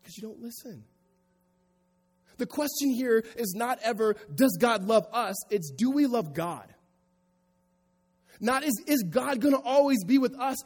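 A pastor preaching a sermon to a congregation, moving from quiet reflection to raised, emphatic delivery. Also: male voice, extremely high pitch, expressive, measured pace, pauses often, slightly rough, big-room sound. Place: church sanctuary before a congregation.

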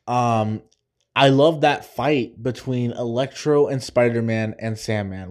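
A man's voice: mid-range voice, a little mellow. Eager man rambling through a film recap. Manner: enthusiastic and rambling, laughs along and hums movie themes. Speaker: podcast host. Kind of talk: casual spoiler-filled film breakdown.

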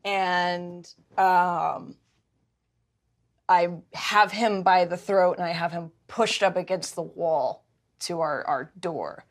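A woman recounts something from her own life in a casual conversation, taking it slowly in a voice on the low side. Emotional and animated, she often stumbles and starts her sentences over.

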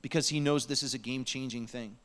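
A man's voice: mid-range voice, steady tone, quick pace, fairly bright tone. A man preaching a sermon in a church, earnest and pleading, sometimes dropping to a near whisper. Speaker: pastor. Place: church sanctuary.

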